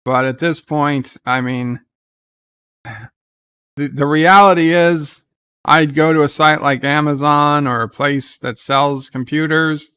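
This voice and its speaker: A man hosting a casual live stream, with a smooth, resonant voice. He reads out viewer messages and talks back to them off the cuff. His speech wanders, full of "uh"s and restarts. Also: medium pitch, bright, forceful tone, no room sound. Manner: reads viewer comments aloud and answers them, loose and rambling with many "uh"s. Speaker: livestream host. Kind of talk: casual livestream chat.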